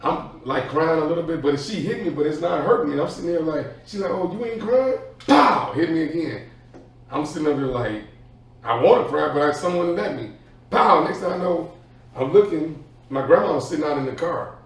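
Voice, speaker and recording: A man telling an animated childhood story in a casual podcast chat. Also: a little high, a little fast. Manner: animated, acts out voices in his story. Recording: echoey room, far from the mic.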